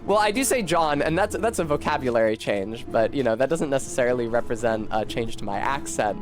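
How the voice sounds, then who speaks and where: A man's voice: mid-range voice, lively intonation, a little fast, over music. A talkative man with a Philadelphia-tinged accent, chatting casually and info-dumping while streaming a game, swearing now and then.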